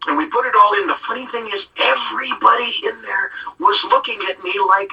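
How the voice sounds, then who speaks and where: A middle-aged man hosts a casual talk show, spinning long rambling anecdotes. His voice is very bright and a little husky, with a lively rise and fall. He sounds somewhat distant from the microphone. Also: very high voice, brisk, dull audio. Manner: rambling storyteller who acts out quotes. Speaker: show host.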